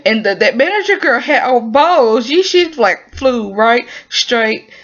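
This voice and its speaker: A woman whose voice sits a little high recaps a TV drama episode at a measured pace, chatting informally with many fillers. She tells it with animated emotion, captured in a muffled, lo-fi recording.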